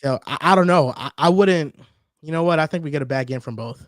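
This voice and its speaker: A man hosting a casual sports debate show, talking in an animated, teasing, emphatic way. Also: a little high, fairly quick, no echo, clean studio sound. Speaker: sports talk show host.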